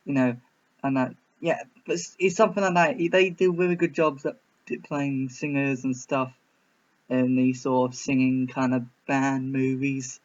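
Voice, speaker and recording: A man reviewing a film in a casual reaction video, rambling and hesitant with many restarts. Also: mid-range voice. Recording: slightly muffled.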